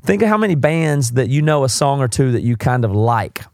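A man's voice: mid-range voice, very animated, fairly quick, no echo, studio quality. A man with a Southern US accent from South Carolina, hosting a podcast and giving candid, rambling commentary on listener questions. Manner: rambling, candid, self-correcting. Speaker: podcast host.

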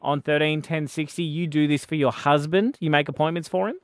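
A man's voice: fairly high pitch, fairly even intonation, no room sound. An Australian man hosting a breakfast radio show, chatting with callers and a co-host in a teasing, joking way. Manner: teasing, joking, quick banter. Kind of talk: casual radio banter. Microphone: studio microphone.

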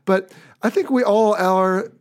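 A man's voice: sits high, slow pace. An American man hosting a podcast, talking in an upbeat, chatty, slightly rambling way. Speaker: podcast host. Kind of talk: casual podcast talk.

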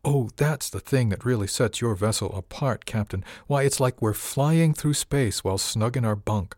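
A man's voice: medium pitch, normal speed, darkish tone, no room sound, clean studio sound, close to an everyday voice. A man voicing a gushing wealthy lady passenger. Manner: effusive, languid, purring.

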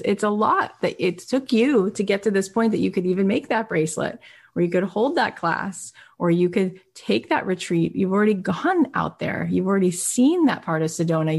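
A woman coaching listeners on selling, in a lively, conversational way. She keeps slipping into quick acted-out exchanges with customers. Her voice sits at an ordinary middle pitch for a woman. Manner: energetic, conversational, acts out little dialogues. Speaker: sales coach. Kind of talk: coaching talk.

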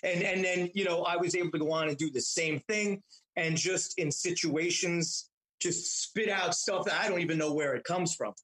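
A man with a higher-pitched voice tells old family stories as a guest in casual conversation. He keeps restarting his sentences and repeating words as he goes. He sounds middle-aged. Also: moderate pace, a bit bright, poor audio. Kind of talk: casual storytelling.

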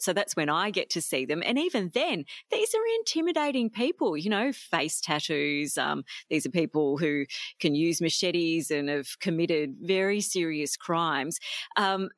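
A woman's voice: on the low side, no echo, clean studio sound. A woman interviewing a guest, reacting with exclamations and asking searching questions. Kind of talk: podcast interview.

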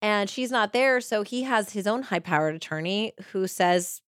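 A woman casually telling a true-crime story, acting out quotes with big jumps in pitch and filling her talk with "like". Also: normal speed, no echo, studio quality. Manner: animated retelling, acts out quotes with pitch jumps; many fillers like "like" and "you know". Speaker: podcast co-host.

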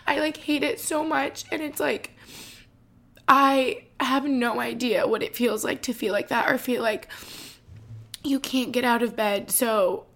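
A woman's voice: a little high, unhurried, creaky, pauses often, a bit bright. A woman in her twenties hosting a podcast, talking in a casual, rambling and heartfelt way with lots of "like", emotional and tender. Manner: effusive, rambling, heavy use of "like". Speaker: podcast host.

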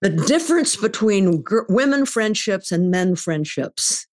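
A woman's voice: medium pitch, lively intonation, a little slow, a little mellow. An older woman speaking as a podcast guest, reflective and emphatic in her talk. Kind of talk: podcast conversation.

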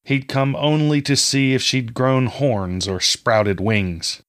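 A man reading a fantasy story aloud in a measured, steady storytelling manner. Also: mid-range voice. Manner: measured storytelling, reading all parts himself. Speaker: audiobook narrator. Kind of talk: scripted fantasy narration.

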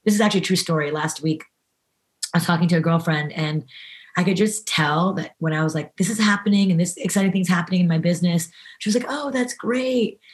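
A woman guest on a podcast talks in a low, easy voice, earnest and animated. She spills out her thoughts with plenty of fillers and restarts. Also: fast talker. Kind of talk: casual interview talk.

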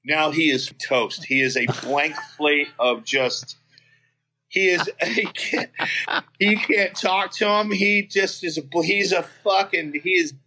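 Bright-voiced man telling a wild story. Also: fairly high pitch, takes it slowly, slight background noise. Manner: profane, animated anecdote-telling with frequent restarts. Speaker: guest, metal singer. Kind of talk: casual storytelling.

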